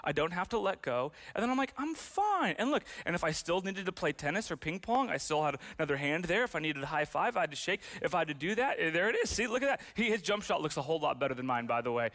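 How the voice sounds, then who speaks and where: A man in his twenties, a pastor preaching a sermon, telling personal stories animatedly and turning soft and slow when speaking about grief. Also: fairly high pitch, expressive. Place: church stage with audience.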